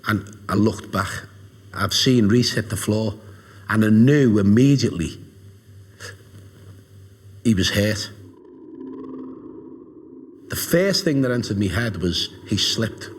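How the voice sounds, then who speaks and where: A man giving a halting, emotional documentary interview as a witness. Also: on the low side, expressive, slightly rough. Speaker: witness, friend of the family.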